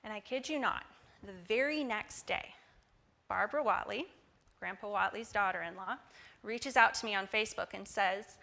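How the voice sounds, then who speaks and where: A young woman in her twenties tells her personal testimony in church. She speaks in a bright, forceful tone at an ordinary pitch for a woman. She tells the story with lively energy. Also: normal speed, vocal fry. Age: 20s. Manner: lively storytelling, acting out quoted dialogue. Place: church service.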